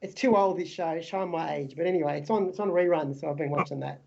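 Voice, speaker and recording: A man's voice: a little high, fast, vocal fry, a little mellow, dull audio. A man guesting on a podcast, chatting casually with frequent laughs. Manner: laughs often, says "mate". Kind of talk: casual chat.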